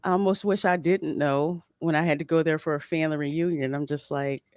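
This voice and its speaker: A woman's voice: low-pitched, fairly even intonation, brisk, no echo. Bubbly woman host with a dry, close sound. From Philadelphia. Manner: bubbly, laughs often, warmly greets chat. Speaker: podcast host. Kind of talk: livestream podcast chat.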